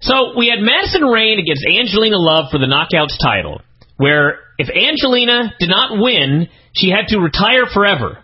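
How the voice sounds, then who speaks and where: A man's voice: sits high, big pitch swings, moderate pace, breathy edge. A man co-hosting a podcast, reviewing wrestling TV in a casual, exasperated, incredulous way and swinging his voice up for emphasis. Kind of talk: casual comedic review chat. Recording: dull lo-fi podcast audio.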